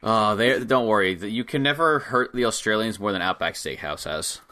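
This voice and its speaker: A man's voice: lowish voice, lively intonation, moderate pace, bright, forceful tone. A man co-hosting a casual podcast, laid-back and wry, recapping with plenty of filler words. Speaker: podcast co-host.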